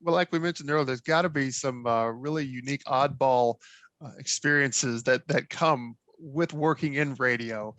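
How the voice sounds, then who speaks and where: A man's voice: medium pitch, moderate pace, fairly bright tone, no room sound. A man hosting a podcast, asking his guests questions with many hesitations and fillers. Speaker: podcast host. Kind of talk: interview questions.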